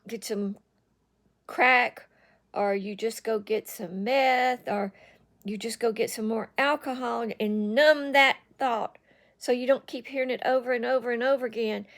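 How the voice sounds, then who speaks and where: A woman with a slightly high voice gives an earnest talk straight to the listener. She circles back and repeats phrases to drive her point home. Her delivery stays direct and personal. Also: fairly even intonation, normal speed. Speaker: online speaker on addiction recovery.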